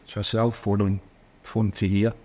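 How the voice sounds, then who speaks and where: Scottish man, lowish voice, chatty storyteller, podcast guest, casual. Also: little pitch movement, normal speed, dark tone. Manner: chatty anecdotes with laughs and mimicry. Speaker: former footballer guest.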